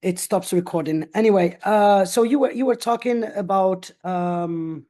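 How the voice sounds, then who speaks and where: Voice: medium pitch, unhurried, dark tone. A host on a video call, asking long questions hesitantly with many fillers. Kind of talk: casual video-call interview.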